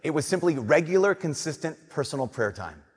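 Young guy priest giving a homily, kinda high husky voice, chatty then quiet and serious, big echoey church. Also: lively intonation, brisk. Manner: conversational preaching, playful then hushed and earnest. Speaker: Catholic priest. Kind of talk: sermon. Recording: long reverb of a large church.

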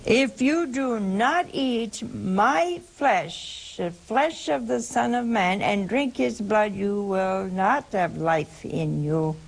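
A woman hosting a call-in program speaks slowly and deliberately. Her voice has a gravelly, rough edge. She answers a caller with emphatic religious teaching, repeats her points and quotes scripture at length. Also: medium pitch, expressive, poor audio.

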